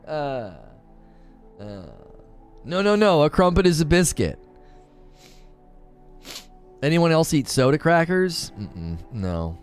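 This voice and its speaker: A man's voice: a little high, darkish tone. A man chatting casually on a live stream, joking, laughing often and slipping into mock British voices.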